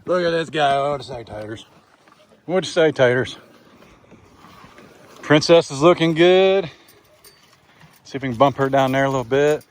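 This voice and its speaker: A man's voice: medium pitch, a little fast. A man vlogging casually outdoors on his farm, chatting folksily and talking to his animals. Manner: folksy, talks to the animals in a singsong voice. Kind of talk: casual farm vlog narration.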